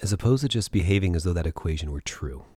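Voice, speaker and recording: A middle-aged man hosting a podcast, giving relationship advice in a measured, explanatory monologue that slows down for emphasis. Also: deep voice, animated, a little mellow, slightly rough, no echo, studio quality. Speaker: podcast host.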